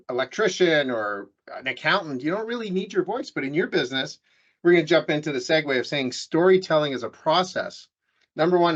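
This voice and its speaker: A man's voice: a little high, a bit bright, muffled recording. A man hosting a business podcast, telling stories in a loose, jokey way with many restarts. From Canada. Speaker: podcast host. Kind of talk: casual business interview chat.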